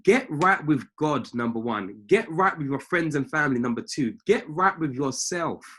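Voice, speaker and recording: A man's voice: on the high side, expressive, normal speed, a bit bright, husky. A man coaching traders on a live call from a family home, preaching in an emphatic way and repeating his key phrases. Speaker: trading mindset coach.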